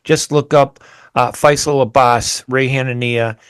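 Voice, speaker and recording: A male radio host with a smooth, resonant voice and a dry, close sound. He talks in a chatty, brisk way, interviewing a guest. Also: mid-range voice, steady tone, dry recording. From United States.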